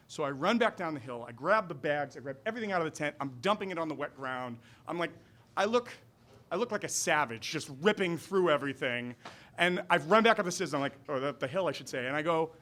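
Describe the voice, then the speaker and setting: Animated storyteller, male, acts out lines at a live show. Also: a little high, normal speed. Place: restaurant storytelling night.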